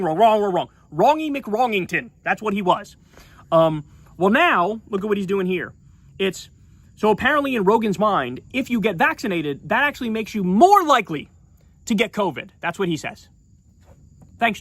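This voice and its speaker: High-voiced man ranting sarcastically. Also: sing-song, normal speed, pauses often, a bit bright, husky, no room sound. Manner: sarcastic, profane, heated. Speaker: political commentator. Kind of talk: ranting video commentary.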